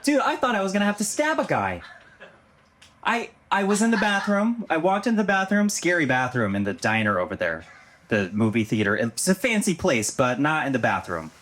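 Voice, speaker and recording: A man telling a crude, profane story stand-up style, animated and laughing as he goes. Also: fairly high pitch, fairly quick, a little hiss or hum.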